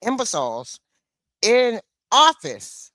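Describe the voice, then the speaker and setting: A woman livestreaming an angry political rant, blunt and swearing, with a slow, deliberate delivery. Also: fairly high pitch, very animated, a bit bright, dry recording, studio quality.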